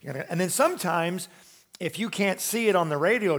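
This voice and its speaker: A man's voice: on the high side, a little fast. A man preaching a sermon to a congregation in a church, emphatic and conversational, asking rhetorical questions. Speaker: pastor.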